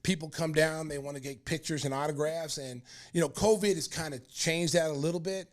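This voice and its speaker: Male podcast host in his fifties, from Oklahoma, slightly raised pitch, lively rambling storyteller. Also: a little fast. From Oklahoma, United States. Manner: animated, rambling storyteller with many fillers and restarts. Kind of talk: casual storytelling.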